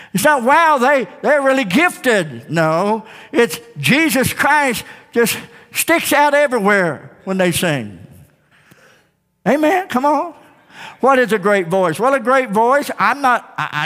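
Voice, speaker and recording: Male preacher, high voice with wide swings, fervent call-and-response delivery, long church echo. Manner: emphatic, rising to shouts, call-and-response with the congregation. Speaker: pastor. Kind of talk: sermon. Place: church sanctuary. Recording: long hall reverb.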